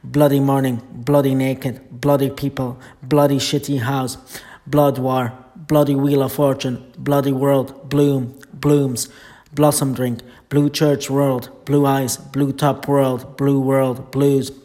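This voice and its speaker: A man recites a long alphabetical list of titles, one item at a time. His delivery is steady and list-like, with almost no rise or fall in pitch. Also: takes it slowly. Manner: flat, steady list reading.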